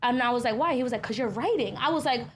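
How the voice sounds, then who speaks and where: Woman podcast co-host, high and quick, loud profane storyteller, faint background hum. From Hispanic family in Florida. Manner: animated, profane, laughing storyteller. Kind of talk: casual chat, storytelling.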